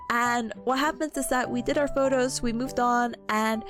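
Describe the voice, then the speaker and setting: A VTuber streamer with a high voice chats casually about her convention trip, talking at normal speed with few pauses over soft background music. She's giggly and animated, laughing often and stammering through repeated words and restarts.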